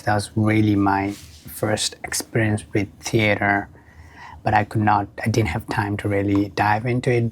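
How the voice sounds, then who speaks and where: A man's voice: on the low side, slight background noise. A man hosting a casual podcast interview, upbeat and friendly, with slightly non-native phrasing. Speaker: podcast host.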